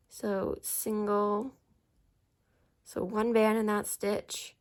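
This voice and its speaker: A young woman hosting a home crafting tutorial. She talks through each step casually and apologizes often, and her voice is a little rough. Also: medium pitch, takes it slowly. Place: indoors at home, warm room.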